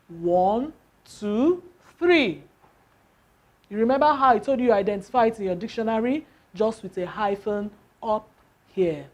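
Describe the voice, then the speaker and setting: A woman teaching English word stress, asking the class questions and answering them herself, counting syllables aloud. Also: medium pitch.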